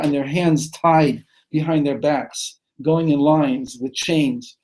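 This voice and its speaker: Guy teaching a text class, slightly high voice, reads a line then explains it bit by bit, lots of restarts. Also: steady tone, takes it slowly, darkish tone, poor audio. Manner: translates phrase by phrase, restarts and repeats words. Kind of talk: text study lesson. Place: study hall.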